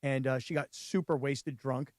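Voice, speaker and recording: A man hosting a sports radio show, telling stories in a chatty, animated way in a studio. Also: mid-range voice, moderate pace, dry recording. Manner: chatty storyteller, animated retelling. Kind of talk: casual sports radio banter.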